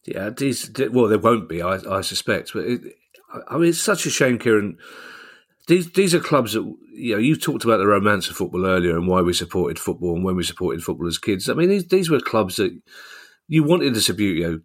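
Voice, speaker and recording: Low-voiced chatty male podcast co-host. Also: very animated, fairly quick. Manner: self-deprecating, chatty, frequent restarts and laughs. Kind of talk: casual chat.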